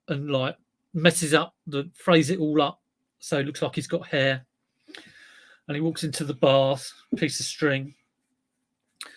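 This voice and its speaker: Male stream host, slightly high voice, rambling casual dad-joke chat. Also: fairly bright tone. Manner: chatty, rambling, jokey with dad jokes.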